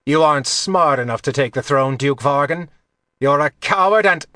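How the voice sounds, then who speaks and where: A man's voice: fairly high pitch, normal speed, sharp tone, no room sound, clean studio sound. A man doing a defiant young assassin in disguise. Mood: taunting.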